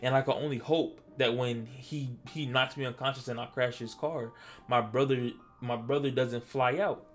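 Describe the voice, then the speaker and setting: A man from Delaware telling a personal story in casual vlog style, animated and stammering, acting out what he said back then. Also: mid-range voice, moderate pace, faint music behind. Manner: animated, stammering, acts out his own past lines. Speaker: storytelling vlogger.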